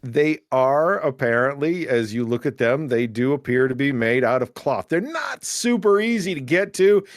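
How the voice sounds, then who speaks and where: A man's voice: mid-range voice, animated, normal speed, no echo, studio quality. Joking man running a tabletop game. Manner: joking, loose after drinks. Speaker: game master.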